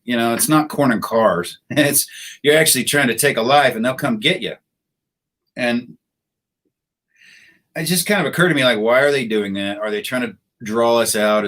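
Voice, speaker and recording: A middle-aged American man tells stories as a podcast guest, unhurried and anecdotal. His voice sits fairly low. He acts out the people he quotes. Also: a bit bright. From United States. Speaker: podcast guest, retired special operations soldier. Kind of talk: casual storytelling interview.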